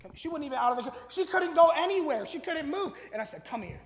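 High-voiced pastor in echoey hall. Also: male voice, lively intonation, quick pace. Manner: conversational, tags lines with "right?", builds to loud emphatic stretches. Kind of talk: sermon. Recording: echoey hall, long reverb.

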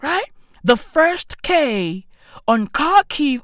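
A woman in a slangy, profane comedic rant who keeps asking rhetorical questions and swings from shouting to hushed muttering. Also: high-pitched, sing-song, drawn-out words, dry recording, clean studio sound. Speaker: commentator.

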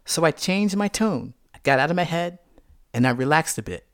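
A man's voice: fairly high pitch, normal speed, dry recording, clean studio sound. A man giving a talk, weaving in a personal story and acting out a heated argument. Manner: animated, acts out heated arguments.

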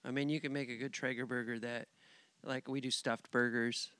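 A man co-hosting a casual podcast, making wry, quiet asides. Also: medium pitch, little pitch movement, moderate pace, smooth, no echo. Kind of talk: casual chat.

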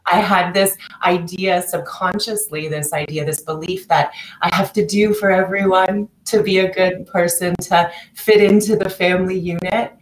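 A woman's voice: fairly low pitch, fairly even intonation, moderate pace, hardly any pauses, echoey room, poor audio. A woman talking as a podcast guest, telling personal stories in a chatty way with many restarts. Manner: chatty, many restarts, acts out quoted voices. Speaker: guest, coach working with clients. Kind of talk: podcast interview, personal storytelling.

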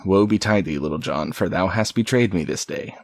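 A man's voice: low voice, a little mellow, no echo, close to an everyday voice. The Sheriff, a man reading as a resentful lawman. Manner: slow archaic storybook delivery.

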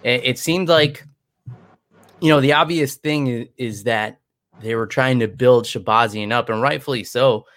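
A man's voice: mid-range voice, measured pace, a bit bright, no room sound. Tired, rambling man. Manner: rambling, chatty, many restarts. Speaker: podcast co-host. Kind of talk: casual chat.

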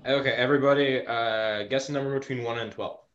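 A game master runs a casual tabletop session over a voice call, his medium-pitched voice steady in tone and a little fast. He gives long, opinionated explanations, and the call audio is muffled with faint noise.

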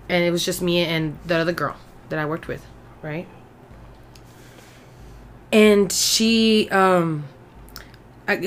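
Fairly low and fairly bright, this woman's voice carries her storytelling as a podcast co-host from Mexico. The chat is casual, flipping between English and Spanish with lots of swearing.

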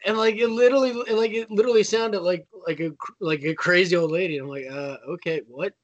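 A man's voice: sits high, steady tone, fairly quick, dull audio. A man co-hosting a casual podcast over a call, rambling easily with lots of filler words. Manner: laid-back, rambling with many "like"s. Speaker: podcast co-host. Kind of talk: casual chat.

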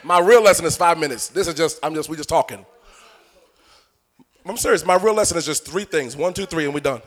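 A male preacher delivering a sermon in a sing-song cadence, swelling into shouts and addressing the congregation directly. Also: on the high side, brisk.

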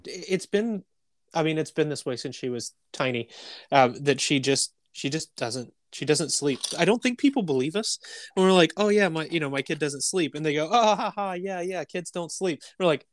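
A man's voice: a little high, normal speed, dry recording. Swearing man telling stories, dry sound. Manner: animated storytelling, heavy swearing, laughs often. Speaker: podcast co-host. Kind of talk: casual chat.

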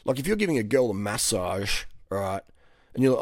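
A man coaching in a blunt, profane, casual monologue that swings between loud and quiet. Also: mid-range voice, big pitch swings, unhurried, dry recording, clean studio sound. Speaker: fitness coach.

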